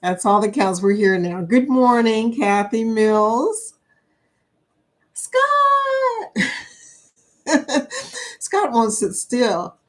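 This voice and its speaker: A woman's voice: medium pitch, takes it slowly, hardly any pauses, a little mellow. A woman, hosting a casual live stream. She chats eagerly, greets viewers by name and breaks into whoops and laughs. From Kentucky, USA. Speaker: livestream host.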